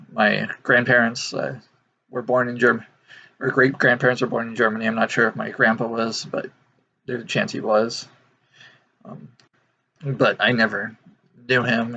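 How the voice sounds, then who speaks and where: A man's voice: lowish voice, vocal fry, a bit bright, breathy edge, muffled recording. An American man in his twenties to thirties, talking casually to camera, rambling with many fillers and restarts. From United States. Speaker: video host. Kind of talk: casual opinion monologue.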